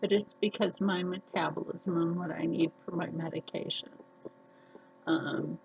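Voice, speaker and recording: A woman's voice: on the low side, steady tone, a little slow, vocal fry, a little mellow, dull audio, slight background noise. A woman chatting casually to the camera as a sewing vlogger, defiant and chatty. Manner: chatty and defiant, with frequent laughs.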